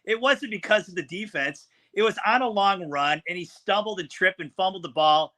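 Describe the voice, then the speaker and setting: A man co-hosting a sports talk podcast, bluntly breaking down a football game. His tone is forceful and bright, and his voice sits a little high for a man. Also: moderate pace. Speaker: podcast co-host.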